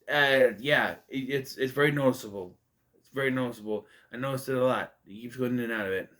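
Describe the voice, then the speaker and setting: A man's voice: on the high side, fairly bright tone. A man casually reviewing a movie, rambling and conversational with many fillers and restarts. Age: adult.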